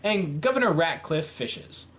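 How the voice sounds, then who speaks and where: A man reading out a simulation game's events and reacting to them with playful, animated commentary. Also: a little high, measured pace. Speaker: YouTube game commentator.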